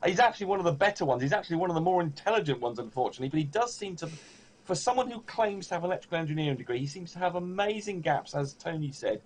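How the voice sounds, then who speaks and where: Man, panel guest, quick talker, slightly high voice, faint background noise. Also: animated, low-quality recording. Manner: rambling, hesitant. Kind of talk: casual panel chat.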